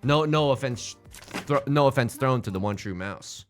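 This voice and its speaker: A man streaming casually, telling jokes and stories in an animated, self-mocking way. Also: medium pitch, moderate pace, faint music behind.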